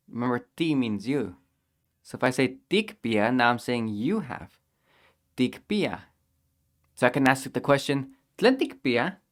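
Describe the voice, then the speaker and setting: A male language teacher explains vocabulary in an unhurried, measured way. He sounds out each practice phrase slowly, again and again, so learners can follow. His pitch sits at a middling level for a man.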